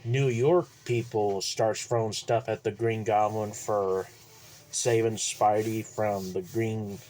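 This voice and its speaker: Slow, rambling male film reviewer. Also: lowish voice, steady tone, darkish tone. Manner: rambling, halting, many fillers. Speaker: movie reviewer. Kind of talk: casual movie recap.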